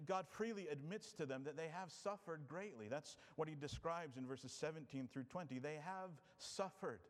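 A man preaching an expository sermon, earnest and rhetorical, often dropping soft to stress a point. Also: a little high. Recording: long hall reverb.

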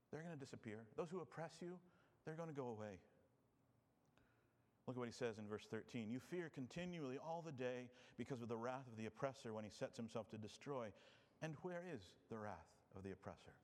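A man preaching a sermon as a pastor, expressive, moving between loud emphasis and quiet, low passages. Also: brisk, long reverb tail.

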